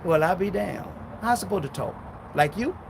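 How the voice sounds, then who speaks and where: A man preaching a sermon in a loud, fiery way, swinging between shouting and low muttering. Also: expressive, brisk, creaky, background noise. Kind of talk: street-style sermon.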